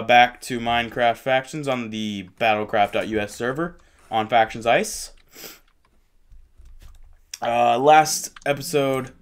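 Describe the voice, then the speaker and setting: A young man with a cold hosting a casual gameplay commentary, chatty and excitable, rambling as he goes. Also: mid-range voice, clean tone. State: has a cold, sniffling. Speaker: gaming channel host. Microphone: desktop mic with face cam.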